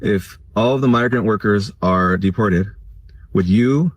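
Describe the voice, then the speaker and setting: A man's voice: on the low side, unhurried, no echo. A man in a vlog putting a direct, no-nonsense question to his viewers.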